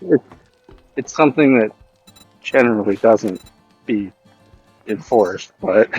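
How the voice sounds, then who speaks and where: A man streaming a survival game with friends, chatting casually in a relaxed, rambling way with plenty of fillers. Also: on the low side, slow pace, breathy edge, highs cut off, soft background music. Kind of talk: casual gaming chat.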